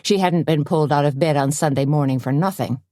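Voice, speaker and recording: Woman audiobook narrator, steady storyteller, mellow tone, dry close sound. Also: low-pitched, fairly quick, dry recording. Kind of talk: scripted narration.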